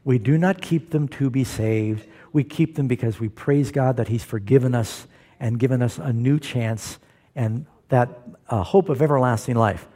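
A man's voice: mid-range voice, sing-song, normal speed, dark tone, slightly rough. A male pastor preaching a sermon, asking the congregation questions and calling for amens. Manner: asks the audience questions, calls for amens.

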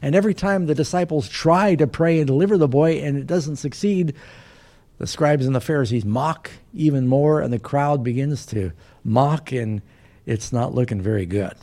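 A man's voice: mid-range voice, normal speed, a little mellow. A man preaching a sermon, retelling a Bible story and briefly voicing its characters. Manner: storytelling, voicing biblical characters with varied emphasis.

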